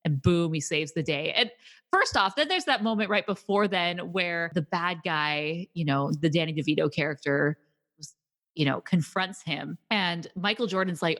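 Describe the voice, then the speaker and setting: A woman's voice: fairly low pitch, moderate pace. A woman co-hosting a film review podcast, casually retelling scenes and acting out the quotes. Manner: animated retelling with acted-out quotes. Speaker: podcast co-host.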